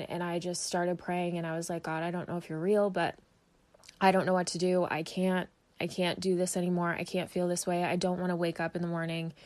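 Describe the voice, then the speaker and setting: A woman's voice: lowish voice, a little mellow. A woman sharing her personal faith testimony in a casual storytelling way. She sounds earnest and heartfelt, sometimes emotional, with conversational fillers and restarts.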